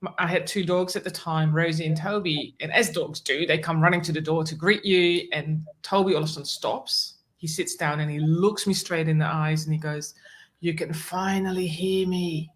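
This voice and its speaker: Animated woman telling a story. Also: low-pitched, fairly quick, hardly any pauses. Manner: animated, acts out quoted dialogue, warm laughs. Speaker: guest, animal communicator. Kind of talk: storytelling in a conversational interview.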